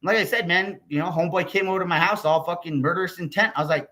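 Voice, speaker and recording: A fast-talking American YouTuber barely pauses as he curses his way through a heated, meandering vlog rant. His tone is bright and forceful, pitched high for a man.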